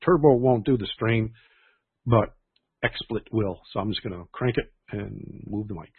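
Gravelly, husky man hosting a church stream. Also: on the low side, a little slow, no room sound. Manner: rambling, with frequent restarts. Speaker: church livestream host. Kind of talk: casual livestream chat. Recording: tinny phone-like sound.

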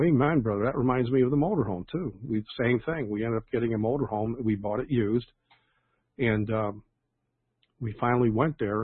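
Older male pastor, husky and gravelly, rambling chat over a dry phone line. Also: mid-range voice, no echo. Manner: rambling, chatty, with many fillers and restarts. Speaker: pastor leading an online prayer call. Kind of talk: casual reading and comment on praise reports.

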